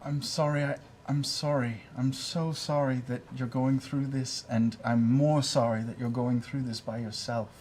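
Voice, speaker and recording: A man's voice: medium pitch, level tone, measured pace, few pauses, darkish tone, slight background noise, lightly acted. A man voicing a roguish bard father in a tabletop game, making an earnest, heartfelt speech with a self-mocking edge. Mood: remorseful. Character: roguish middle-aged bard, sentimental scoundrel father.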